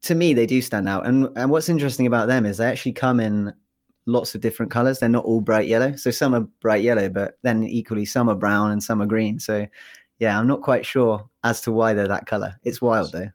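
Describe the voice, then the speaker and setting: A man's voice: fairly low pitch, a little fast. A young English man, a PhD researcher, talking casually in an interview, with plenty of fillers and restarts. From England. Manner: relaxed, chatty, many fillers and restarts.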